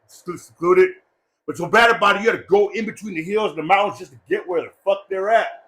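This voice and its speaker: A man's voice: sits high, fast. Rowdy, profane man giving a eulogy. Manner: profane, loud and jokey, breaks into laughter. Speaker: speaker at a memorial gathering. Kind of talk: rambling, joking eulogy speech.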